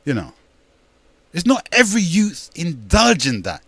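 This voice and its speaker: A man's voice: fairly high pitch, huge pitch swings, measured pace, a bit bright, husky, no room sound. Older man rambling emphatically. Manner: rambling, emphatic, repeats words, calls listeners brethren. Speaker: radio talk show host. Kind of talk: casual radio monologue.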